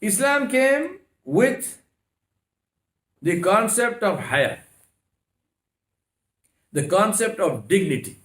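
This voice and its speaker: Male religious lecturer, fairly high voice, emphatic, fires off rhetorical questions, echoey mosque hall. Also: big pitch swings, slow pace, pauses often, fairly bright tone. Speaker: Islamic lecturer.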